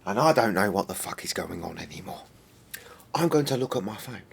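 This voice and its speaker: Low male streamer, sweary and exasperated, faint background hum. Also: very animated, a little fast, gravelly. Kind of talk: casual game-stream commentary.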